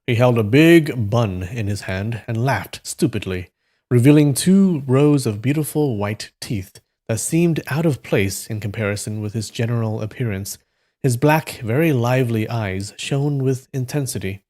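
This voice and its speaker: Guy reading a book out loud on stream, chill, stumbles sometimes. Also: mid-range voice, unhurried. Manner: relaxed, stumbles and comments aloud. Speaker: live stream reader. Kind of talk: reading a novel aloud on a live stream.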